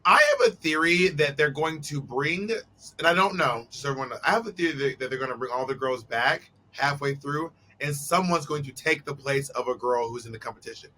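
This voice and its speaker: A man's voice: mid-range voice, brisk, sharp tone, slight background noise, low-quality recording. A man in his thirties hosting a show, chatting casually and teasing his co-host in a laid-back, playful way. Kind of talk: casual recap chat.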